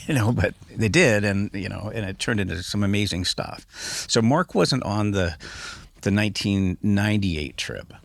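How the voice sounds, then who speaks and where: A man's voice: on the low side, animated, normal speed, vocal fry, fairly bright tone, no echo. A man talking as a podcast guest in casual conversation, rambling with many fillers and restarts.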